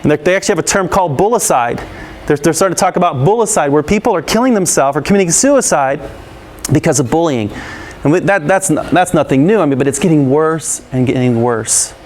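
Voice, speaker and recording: A man's voice: fairly high pitch, lively intonation, quick pace, darkish tone. A man giving an interactive anti-bullying talk to a school audience, asking questions and laughing often. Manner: engaging, peppers the audience with questions; laughs often and acts out scenes.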